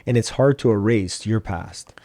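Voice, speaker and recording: Low dark-voiced man giving calm advice. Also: normal speed, dry recording. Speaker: podcast co-host, doctor. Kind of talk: casual podcast chat.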